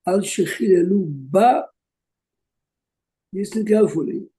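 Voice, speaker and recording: A man's voice: high-pitched, measured pace, dark tone, poor audio. An older man from Jerusalem, a rabbi teaching an online class and telling stories in English sprinkled with Hebrew terms.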